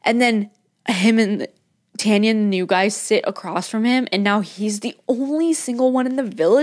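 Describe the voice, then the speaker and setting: A woman's voice: mid-range voice, normal speed, darkish tone. A young woman co-hosting a podcast in casual chat, emotional and swearing freely, full of "dude" and "like". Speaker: podcast co-host.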